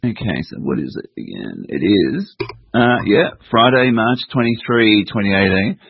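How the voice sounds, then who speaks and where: A man's voice: lowish voice, very animated, moderate pace, creaky, slightly rough, dry recording. A man from England hosting a casual online chat show, easygoing and chatty, with hesitant restarts. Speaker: host. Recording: dull lo-fi dry audio.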